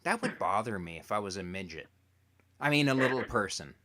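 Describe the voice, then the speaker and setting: A man's voice: fairly low pitch, lively intonation, a little fast, pushed and bright. A man from Toronto hosting an interview, rambling and joking with lots of stammered restarts. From Toronto, Canada. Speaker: interview host. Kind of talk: casual chat.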